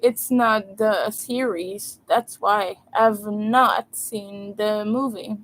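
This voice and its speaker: A woman's voice: mid-range voice, steady tone, very slow, slight background noise, low-quality recording. A sleepy woman on a casual livestream from home, rambling and apologizing as she thinks aloud. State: sleepy, yawning.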